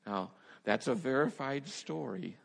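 A pastor with a mid-range, creaky voice tells stories in a sermon at a measured pace, recorded with long hall reverb. He's an animated storyteller who laughs often, stumbling over and repeating words as he starts sentences.

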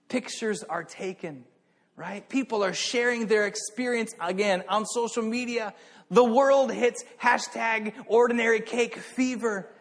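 A man preaching a sermon, telling a story in an animated way that swings between hushed and excited. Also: sits high, normal speed, creaky, long reverb tail.

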